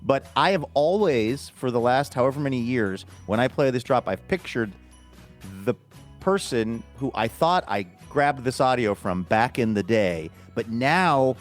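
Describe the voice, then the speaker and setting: A male talk radio host with a mid-range voice who jokes and rambles through casual banter with his co-host. Faint music sits low behind him. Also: animated, a little slow. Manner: easygoing, joking, rambling. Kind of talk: casual chat.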